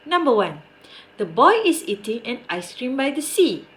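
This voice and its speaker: A woman's voice: high-pitched, big pitch swings, moderate pace. A young woman with a Malaysian English accent teaching a grammar lesson online. She stresses key words and sometimes switches into Malay. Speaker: primary school English teacher.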